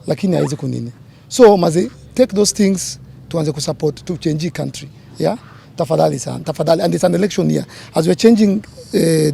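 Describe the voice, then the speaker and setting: A man's voice: high-pitched, vocal fry, mellow, a little hiss or hum. A man with a Kenyan accent giving impassioned remarks to reporters, emphatic and pleading, repeating his appeals. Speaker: public figure addressing reporters.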